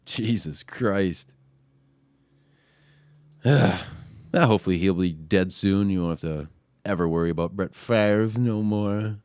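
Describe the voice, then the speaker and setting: A man hosting a podcast, ranting casually and crudely, often pushing his voice louder and higher when worked up. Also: normal speed, clean tone, no echo. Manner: profane, crude trolling rant. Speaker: podcast host. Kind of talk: casual solo rant.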